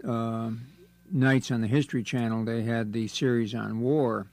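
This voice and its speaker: A man's voice: mid-range voice, fairly even intonation, measured pace, darkish tone, no echo. A man who is a guest on a radio talk show, patiently explaining history and insisting on accuracy. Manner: explanatory, detail-minded stickler. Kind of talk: casual radio conversation.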